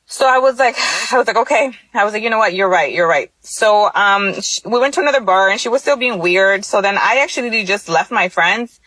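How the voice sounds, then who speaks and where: A woman's voice: medium pitch, fairly quick, few pauses, fairly bright tone, no room sound, rough recording. A woman in her thirties casually telling a personal story, chatty and full of filler words. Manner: chatty, lots of filler likes.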